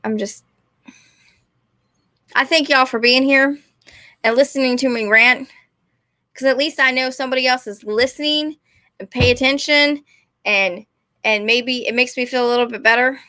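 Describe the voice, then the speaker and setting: A woman's voice: sits high, moderate pace, pauses often, sharp tone, no room sound, clean studio sound. A young woman, ranting casually and rambling, often apologizing and putting herself down. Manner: rambling, apologetic, self-deprecating. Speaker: vlogger.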